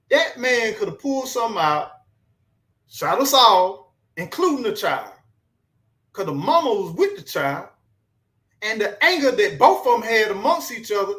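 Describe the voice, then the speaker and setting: A man's voice: sits high, sing-song, normal speed, a bit bright. A man telling a story in an earnest, preachy, colloquial way. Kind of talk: casual storytelling monologue.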